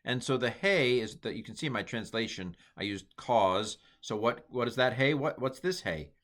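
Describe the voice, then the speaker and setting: A man's voice: medium pitch, animated, normal speed, fairly bright tone. A middle-aged man giving a casual, chatty Bible Hebrew lesson, with playful asides and small jokes. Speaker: teacher.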